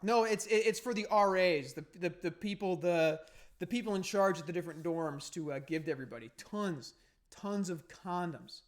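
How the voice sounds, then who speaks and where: A man's voice: high-pitched, a bit bright. Profane man telling a rambling story. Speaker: podcast host. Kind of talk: casual storytelling.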